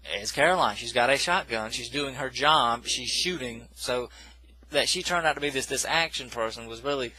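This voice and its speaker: A man's voice: mid-range voice, normal speed, hardly any pauses, bright, forceful tone, breathy edge, rough recording. A man casually recapping a film plot in a rambling, self-correcting way, with dismissive asides. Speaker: movie reviewer.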